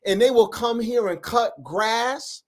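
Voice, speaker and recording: A man's voice: very high-pitched, slow. A man from upstate New York teaching the Bible in an informal, emphatic preaching style, full of slang and asides to his listeners.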